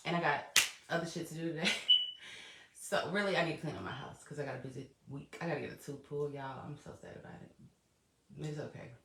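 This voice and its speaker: A woman hosts her own podcast solo, speaking in a low, fairly even voice at a fast clip over a noisy background. She chats casually straight to her listeners, laughing often and swearing freely. It sounds recorded on a laptop or voice memo in an echoey room.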